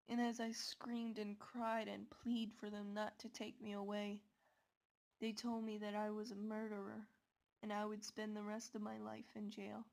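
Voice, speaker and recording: A woman telling a scary story in the first person, with slow, dramatic delivery. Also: medium pitch, completely flat delivery, vocal fry, darkish tone.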